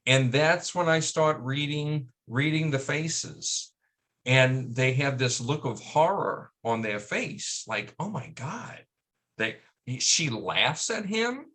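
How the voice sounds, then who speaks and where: A man giving a radio interview at an unhurried, deliberate pace. He pauses and restarts as he searches for words, and his humor is dry. His pitch sits at an ordinary middle. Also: fairly bright tone. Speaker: guest.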